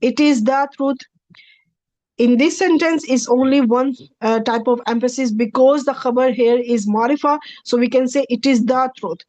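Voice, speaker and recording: A woman's voice: high voice, steady tone, normal speed, darkish tone, no room sound. A woman in gives a recorded grammar lecture over slides. She talks patiently, repeats and rephrases each point, and checks in with "okay" before moving on. The recording is dry and close, with no room sound. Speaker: Arabic grammar teacher.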